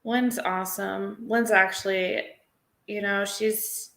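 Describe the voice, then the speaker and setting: A woman's voice: mid-range voice, steady tone, slow pace, gravelly, a bit bright. A woman chatting casually on a live stream, rambling and emotional, often breaking into laughter. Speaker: livestreamer. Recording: roomy echo.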